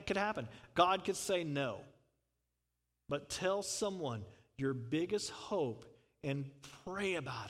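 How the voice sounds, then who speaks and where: A man's voice: high-pitched, in a large hall. A man preaching a conversational sermon, full of asides and rhetorical questions. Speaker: pastor.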